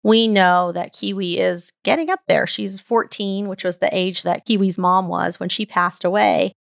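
Earnest woman with a gravelly edge. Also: mid-range voice, fairly even intonation, moderate pace, no echo, studio quality. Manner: earnest, heartfelt, tells stories at length. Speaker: podcast host. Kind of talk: reflective personal storytelling.

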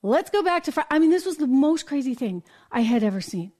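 A woman from the United States hosting a live political commentary show, talking in an animated way and acting out quotes in mock voices. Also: sits high, brisk. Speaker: host.

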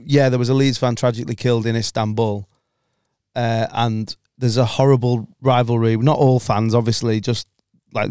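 A man's voice: medium pitch, a little mellow, clear, resonant tone, no echo. Joking English man, dry close mic. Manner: banter-heavy, joking, swears freely. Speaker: podcast co-host. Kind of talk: casual chat.

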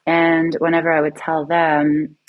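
A woman's voice: sits low, completely flat delivery, a little slow, phone-quality sound. A woman from Canada, a guest in an interview, telling a personal story in an earnest, reflective way.

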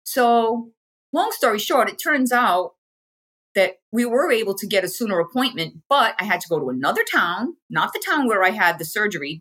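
Interview guest: American woman, frank and chatty, a slightly breathy mid-pitched voice. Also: fairly bright tone. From United States. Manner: chatty, frank, acts out quoted people. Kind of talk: casual personal storytelling.

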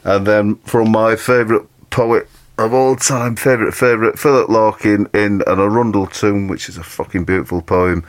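A man's voice: fairly low pitch, fairly even intonation, normal speed. A man co-hosting, reading a word's origin, definition and quotes aloud, earnest and reflective. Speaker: co-host.

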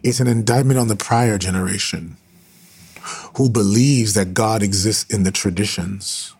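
Husky-voiced man preaching fervently. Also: on the low side, normal speed, a little mellow. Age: adult with sons. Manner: fervent, repeating phrases for emphasis. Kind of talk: impassioned preaching on a livestream.

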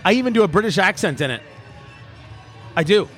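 A man's voice: high voice, animated, a little fast, a bit bright, soft background music. A man hosting a casual panel talk show, rambling and self-amused, with many fillers and restarts. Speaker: host.

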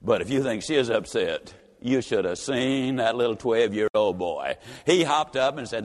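A man's voice: mid-range voice, expressive, normal speed, hardly any pauses. A man giving a folksy, emphatic motivational speech told as a story. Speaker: motivational speaker. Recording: reverberant hall.

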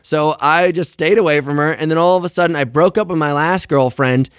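A man's voice: a little high, fairly quick, smooth, no room sound, clean studio sound. A young man in casual podcast chat, telling stories animatedly, swearing and acting out quoted lines. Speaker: podcast guest.

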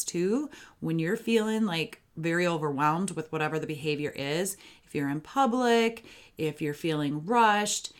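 A woman hosting a parenting podcast who gives solo advice in a chatty, upbeat way and talks straight to her listeners. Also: on the low side.

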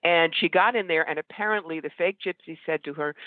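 A woman being interviewed as a psychic medium and author, talking in a blunt, opinionated way and telling stories briskly. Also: sits low, no echo. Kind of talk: casual interview conversation. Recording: tinny phone-like line, dry.

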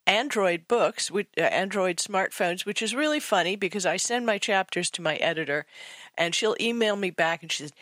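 A woman's voice: medium pitch, lively intonation, normal speed, fairly bright tone, no echo. Chatty woman co-hosting tech radio. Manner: chatty, enthusiastic storyteller. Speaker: co-host and author. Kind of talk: casual radio tech talk.

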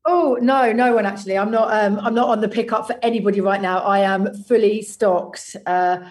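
A woman's voice: medium pitch, fairly even intonation, moderate pace. A woman talking casually and frankly as an interview guest from her home. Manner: chatty, frank, laughs easily. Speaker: music agent, guest.

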